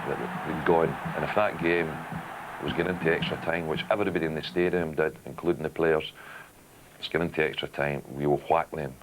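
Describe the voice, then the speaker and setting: Male ex-player with a very deep voice, plain-spoken and direct. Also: fairly even intonation, brisk, slight background noise, low-quality recording. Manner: plain-spoken, matter-of-fact. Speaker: former footballer interviewee. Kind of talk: reflective interview.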